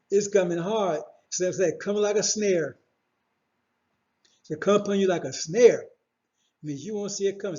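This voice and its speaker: High-voiced preacher man, dull recording. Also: warm tone. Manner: preachy, repetitive, confrontational, rhetorical questions. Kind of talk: sermon.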